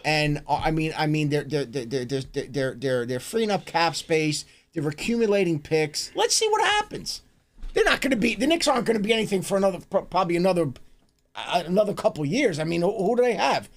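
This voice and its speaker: Lively, high-voiced man chatting sports. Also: fairly quick. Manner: animated, swearing, stumbling restarts. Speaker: streamer co-host. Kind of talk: casual sports chat on a live stream.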